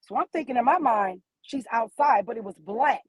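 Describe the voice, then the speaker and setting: A woman's voice: fairly high pitch, moderate pace, husky, dry recording, low-quality recording. A middle-aged woman calling in from her car, telling a personal story with feeling and acting out the voices in her dialogue. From American Midwest. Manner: animated storyteller who acts out dialogue. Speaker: guest caller, mother. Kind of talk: emotional personal account by phone from her car.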